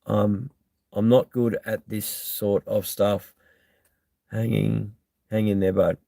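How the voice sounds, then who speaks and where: A man's voice: fairly low pitch, little pitch movement, takes it slowly, gravelly, pauses often, dark tone, no echo. An Australian man hosting a live stream, chatting casually and bluntly as he reads out and answers viewer comments, with lots of ums.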